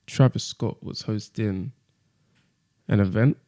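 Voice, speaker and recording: A young man hosts a casual podcast chat and presses his co-hosts with steady, persistent questions. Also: lowish voice, takes it slowly. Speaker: podcast host leading discussion.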